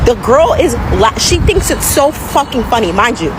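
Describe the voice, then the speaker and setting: A woman's voice: on the high side, big pitch swings, brisk, hardly any pauses. A woman telling a profane, blunt story about a street encounter, mocking and cursing as she goes. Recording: loud street noise and crowd behind.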